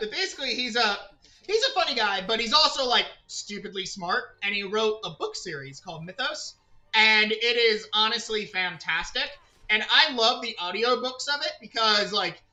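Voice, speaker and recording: A man's voice: high-pitched, bright, forceful tone. A man streaming a video game, chatting casually with his viewers and rambling as he plays. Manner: rambling, chatty, talks to chat and to himself. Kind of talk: casual gaming livestream chat.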